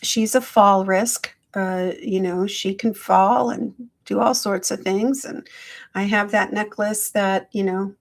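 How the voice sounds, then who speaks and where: A middle-aged woman hosting a casual live-stream check-in, speaking slowly and gently to her viewers through a phone. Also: medium pitch, steady tone, creaky. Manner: slow, gentle, affectionate, greets viewers by name. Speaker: hypnotherapist livestream host.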